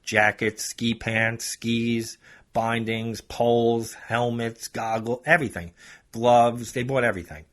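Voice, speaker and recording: A male podcast host tells a story in a relaxed, chatty style, speaking directly to his listeners and calling them folks. His voice is medium in pitch with a fairly even intonation, and he takes his time.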